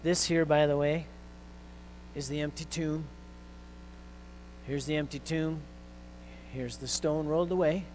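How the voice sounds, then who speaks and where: Male pastor, slightly high voice, casual preaching style with ums and restarts, soft mains hum under the mic. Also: fairly even intonation, measured pace, long pauses, low-quality recording. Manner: conversational preaching with fillers, rising intensity when quoting scripture. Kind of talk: sermon.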